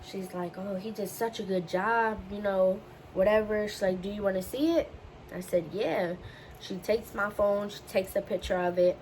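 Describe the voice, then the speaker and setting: A woman's voice: mid-range voice, slight background noise, poor audio. A young woman vlogger telling a personal story in a candid, casual way, slipping into the voices of the people she quotes. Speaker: beauty vlogger.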